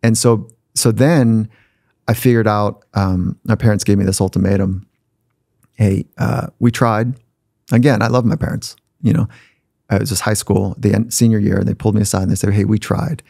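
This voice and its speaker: A man's voice: lowish voice, fairly even intonation, brisk, gravelly, mellow, no room sound, studio quality. A man guest on a podcast, telling personal stories in a reflective, conversational way and sometimes acting out the voices of people he quotes. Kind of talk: conversational storytelling. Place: podcast studio.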